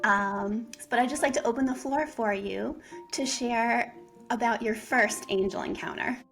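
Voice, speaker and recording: Woman host, somewhat high voice, chatty with fillers, soft music bed. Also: measured pace, gravelly. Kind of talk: interview hosting.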